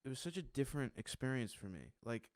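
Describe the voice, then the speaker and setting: A man's voice: medium pitch, very animated, fast talker, no room sound. A man speaking as a podcast guest, frank and open, often laughing between phrases. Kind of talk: candid conversational talk.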